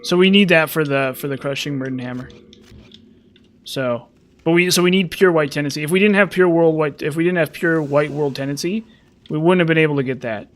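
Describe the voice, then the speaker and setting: A man's voice: a little high, a little fast. A young man giving casual gameplay commentary, rambling and correcting himself as he thinks aloud. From United States. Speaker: gaming commentator.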